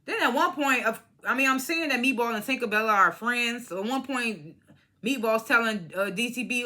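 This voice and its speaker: A woman's voice: a little high, normal speed, bright, forceful tone. A young woman giving a blunt, profane, opinionated recap of a reality show episode, often imitating the cast members. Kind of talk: casual reality show review.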